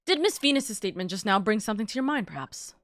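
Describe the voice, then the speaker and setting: A woman's voice: mid-range voice, lively intonation, fast talker, fairly bright tone, no echo, close to an everyday voice. A woman doing a dry, probing investigator. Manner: dry, questioning. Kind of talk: reading game dialogue aloud.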